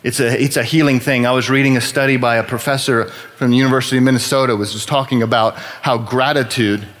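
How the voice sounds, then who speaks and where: A man's voice: medium pitch, fairly even intonation, fast, fairly bright tone. A man from Texas giving a sermon-style personal testimony in church, talking in a conversational, wry and self-deprecating way.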